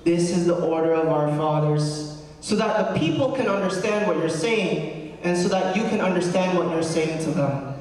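A man's voice: high-pitched, normal speed, darkish tone. A young man serving as a deacon, preaching a sermon in an earnest, conversational way, often checking in with the congregation. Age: young adult. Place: large cathedral. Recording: echoey cathedral, mic from far off.

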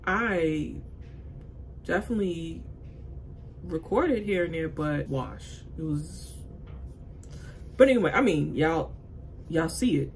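A woman chatting casually to viewers in a fitness vlog, animated and out of breath, with sudden high exclamations. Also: slow, pauses often, a little hiss or hum, low-quality recording. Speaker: fitness vlogger. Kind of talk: casual vlog chat to camera.

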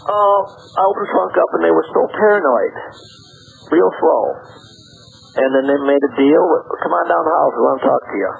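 A man's voice: on the high side, normal speed, creaky, slight background noise, rough recording. A middle-aged man, a radio interview guest, telling his story in plain words and acting out what people said. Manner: plain-spoken, acts out quoted dialogue with rising excitement.

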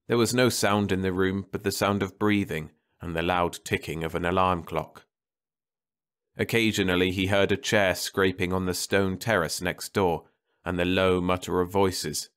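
Man, very low voice, measured narration, bedtime story reading. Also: fairly bright tone, smooth.

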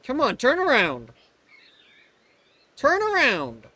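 A woman live-streaming a video game, excitable and swearing as she talks to a creature on screen. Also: high-pitched, slow pace. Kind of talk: live-streamed let's play.

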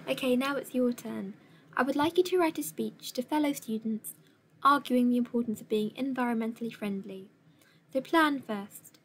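A woman teaching a recorded lesson, her voice sitting a little high. She gives instructions in a clear, measured way. A faint hiss lies under the recording.

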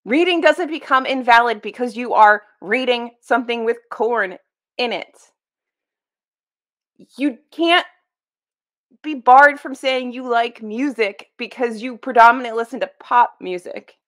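A woman's voice: on the high side, measured pace, a bit bright. A young woman giving casual, exasperated reaction commentary on a video clip, emphatic and blunt. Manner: exasperated, emphatic, swears and laughs.

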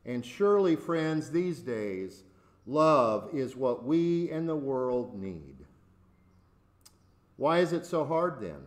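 Slow, measured male preacher. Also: medium pitch, big pitch swings. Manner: slow, deliberate, measured pauses. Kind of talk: sermon.

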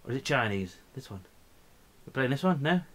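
A man in a drunken, rambling vlog rant, profane and mumbling, with a mid-pitched voice. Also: sing-song, fairly quick. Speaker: vlogger.

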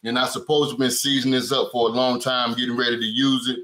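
A man's voice: medium pitch, level tone, quick pace, pushed and bright. A man hosting a home cooking live stream in casual chat, greeting viewers by name and often repeating "you know what I'm saying". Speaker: cooking channel host. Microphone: camera mic on a stand. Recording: roomy echo.

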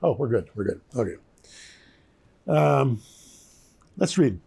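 An older man, a pastor, teaching the Bible in a relaxed, conversational way with chatty asides. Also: mid-range voice, slow pace, gravelly, pauses often, breathy edge.

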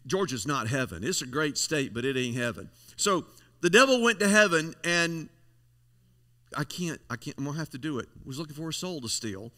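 Male pastor, bright slightly high voice, folksy emphatic sermon delivery, church reverb. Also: big pitch swings, moderate pace. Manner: folksy, emphatic preaching with repeated phrases. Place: church sanctuary. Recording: long church hall reverb.

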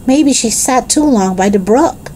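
A woman voicing a calm, protective eldest brother in a children's storybook reading. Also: on the high side, unhurried, slight background noise, pitched above the performer's own voice. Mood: calm, gentle.

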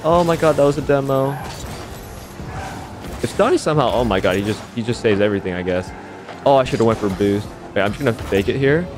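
Young male gamer, mid-pitch, hyped play-by-play with jumpy highs, beat music underneath. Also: quick pace. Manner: excitable, swears, self-mocking, voice leaps up high when hyped. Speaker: gaming YouTuber. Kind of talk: live gameplay commentary. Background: background beat music.

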